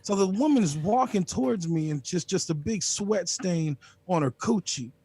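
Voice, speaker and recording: Crude, lively male stand-up comic. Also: high-pitched, normal speed, slightly rough. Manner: crude, brash, swearing freely. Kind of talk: stand-up comedy set. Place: home, over a video call. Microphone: video call.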